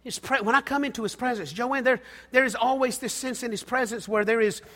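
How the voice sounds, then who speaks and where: A middle-aged man preaches a sermon in a high, bright voice. He swings from hushed, intimate lines to loud, emphatic declarations. His voice rings with the long reverb of a large church hall. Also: a little fast. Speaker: pastor.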